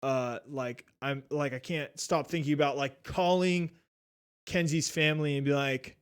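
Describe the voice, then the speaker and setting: Young guy telling a wild story, lots of cursing, slightly high voice. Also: unhurried, clear, resonant tone. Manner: animated, swears a lot, acts out quotes. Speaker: podcast guest. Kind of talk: casual storytelling.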